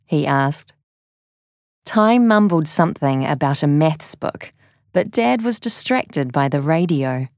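Woman narrator for a children's storybook. Slow, measured, close and dry. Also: sits low, a little mellow, dry recording.

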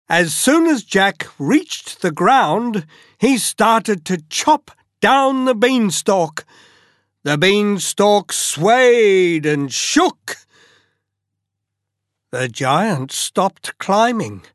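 A storyteller reading a fairy tale aloud at a very slow, deliberate pace. The pitch rises and falls with great expression. The recording is close and dry. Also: sing-song, no room sound.

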